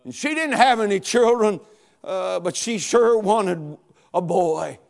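A middle-aged man preaching a sermon, telling a story dramatically, dropping to a hush and then rising to a shout. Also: high-pitched, expressive, slow pace, gravelly. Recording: long hall reverb.

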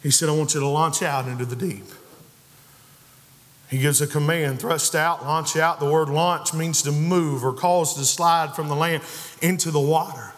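A man's voice: on the high side, fairly even intonation, normal speed. Preacher man in a reverberant church. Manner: preaching with rising emphasis, acting out quoted voices. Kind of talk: sermon. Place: church sanctuary. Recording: long reverb of a church hall.

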